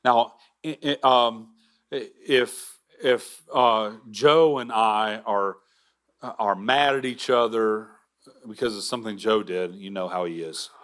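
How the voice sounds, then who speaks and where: A man preaching a sermon as pastor, earnest, with halting restarts and drops to a near whisper for emphasis. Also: fairly low pitch, fairly bright tone.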